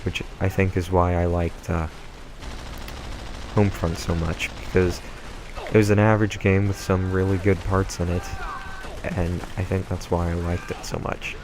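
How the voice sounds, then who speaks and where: Guy talking over his gameplay, rambly, lots of ums, really low voice, noisy mic. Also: level tone, normal speed. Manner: rambling, full of ums and tangents. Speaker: let's play gamer. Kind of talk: casual gameplay commentary. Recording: home mic with clear background noise.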